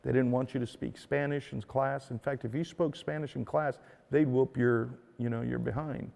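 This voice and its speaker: A man's voice: mid-range voice, steady tone, moderate pace, vocal fry, darkish tone. A man hosting his own show in a casual, rambling monologue, full of fillers and "dude.". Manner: rambling, filler-heavy, says "dude" often. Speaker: show host. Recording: long hall reverb.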